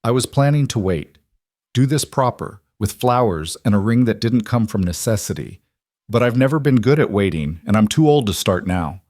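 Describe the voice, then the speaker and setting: A man's voice: on the low side, moderate pace, no echo, studio quality, close to an everyday voice. A man voicing a tough, blunt rancher who is no longer young, in a spoken frontier story. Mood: earnest. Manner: flat, blunt.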